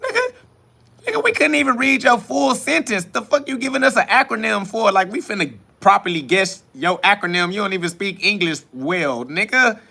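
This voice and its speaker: High raspy guy ranting on his livestream, mocks chat, preachy and rambly, kinda sharp sound. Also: animated, moderate pace. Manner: mocking, preachy, profane and rambling. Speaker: livestream host. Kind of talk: casual livestream rant answering chat.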